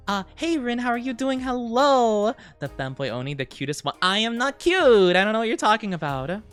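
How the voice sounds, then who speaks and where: A woman VTuber casually chatting with her live-stream viewers, playful and quick to laugh. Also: low-pitched. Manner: playful, giggly, animated.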